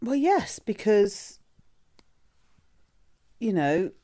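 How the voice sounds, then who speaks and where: Woman, blunt and sweary podcast co-host, slow, dry close mic. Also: mid-range voice, big pitch swings, dark tone, no echo. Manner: blunt, swears, laughs often. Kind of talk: casual chat.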